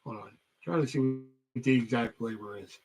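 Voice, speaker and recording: A man's voice: mid-range voice, moderate pace. A man hosting a casual livestream chat, rambling and swearing heavily as he talks. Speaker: host.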